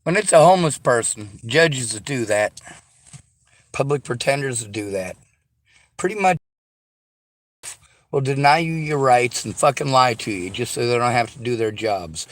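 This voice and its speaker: A man's voice: mid-range voice, lively intonation, normal speed, pauses often. A man delivering a sarcastic, profanity-laced rant straight to his audience. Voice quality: sarcastic, combative. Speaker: vlogger. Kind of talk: angry profane rant to camera.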